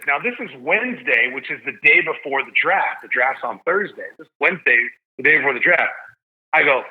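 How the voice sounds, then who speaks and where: Excitable man on a phone-like line. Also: fairly high pitch, a little fast. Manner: excitable, jokey storyteller. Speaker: stadium PA announcer, podcast guest. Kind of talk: casual podcast storytelling.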